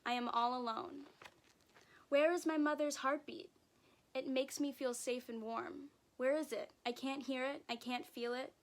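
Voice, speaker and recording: A woman's voice: high voice, flat delivery, moderate pace, hardly any pauses. A woman voicing a wailing newborn baby girl. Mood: distressed.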